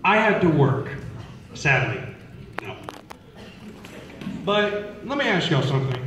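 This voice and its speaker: A young man with a fairly high voice tells stand-up stories on a school talent show stage. He is chatty and keeps asking the crowd questions. He sounds far from the mic in a very echoey hall. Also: big pitch swings, slow, fairly bright tone. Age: young adult. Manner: chatty, asks the crowd questions, acts out relatives. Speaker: student comedian. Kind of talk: stand-up storytelling.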